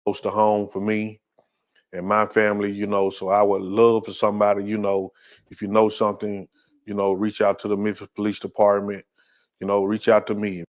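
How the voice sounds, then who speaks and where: A man speaking in a news interview, earnest and halting, filling his speech with "you know". His voice sits low. It stays almost completely flat.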